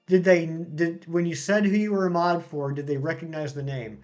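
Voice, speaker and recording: Young male streamer with a higher-than-average voice, relaxed chatter, reads chat and banters, faint music behind. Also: moderate pace, hardly any pauses, highs cut off. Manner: chatty, reads viewer comments aloud and banters. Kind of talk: casual live-stream chat.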